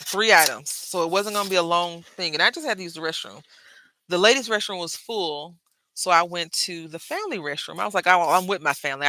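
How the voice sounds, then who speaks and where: A bright, forceful-sounding woman talks casually to her viewers while she crafts. She drifts from the project into stories and addresses the audience directly. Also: fairly low pitch, no echo, rough recording. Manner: chatty storyteller, drifts between crafting and anecdotes. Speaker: craft vlogger.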